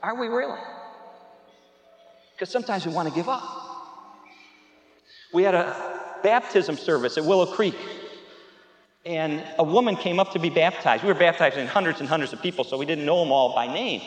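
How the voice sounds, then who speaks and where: A pastor preaching a sermon, telling stories with emphatic repetition that builds to loud peaks. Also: male voice, fairly high pitch, normal speed, pauses often. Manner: storytelling, with laughs and asides to the audience. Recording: echoey hall with long reverb.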